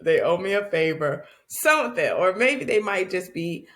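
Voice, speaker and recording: A woman's voice: on the low side, normal speed. A woman in her forties hosting a podcast, talking in a loose, joking monologue with frequent laughs and asides to her listeners. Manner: animated, laughing often, colloquial asides to listeners. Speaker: podcast host. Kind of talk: casual comedic monologue.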